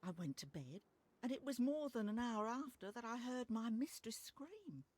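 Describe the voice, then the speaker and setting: A loyal, anxious house servant with an Australian accent in a video game. She gives her account earnestly in a fairly high voice, recorded close and dry. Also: big pitch swings, normal speed, darkish tone, dry recording. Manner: earnest, eager testimony.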